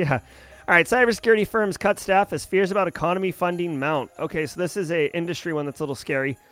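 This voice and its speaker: A man's voice: sits high, a bit bright. A man hosting a livestream, reading news headlines and riffing on them in casual commentary, answering chat as he goes. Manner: chatty, reads headlines then riffs and answers chat. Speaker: livestream host.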